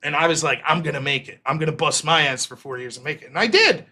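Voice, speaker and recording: Swearing stream host guy telling old stories, voice jumps all over, kinda bright and sharp. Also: a little high, quick pace. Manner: profane, animated storyteller acting out quoted voices. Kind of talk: live-stream storytelling monologue.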